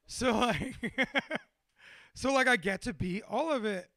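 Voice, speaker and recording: A man with a high, bright voice tells rambling stories in casual conversation. He swears freely and drifts between excitement and quiet asides, chuckling along the way. The sound is close and dry. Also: measured pace, dry recording. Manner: profane, animated, laughs through his stories. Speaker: tattoo artist and podcast guest. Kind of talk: casual storytelling chat.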